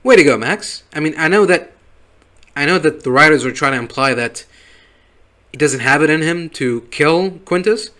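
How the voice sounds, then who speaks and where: A man's voice: on the high side, animated, moderate pace, bright, forceful tone. A man casually recapping a show episode in a rambling way, with many fillers and chuckles. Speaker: show reviewer.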